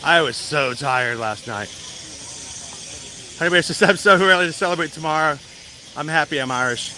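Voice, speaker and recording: A man's voice: on the high side, moderate pace, bright, forceful tone, slight background noise. A man hosting a casual livestream outdoors at a theme park, telling a rambling story with fillers and laughs. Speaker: livestream host.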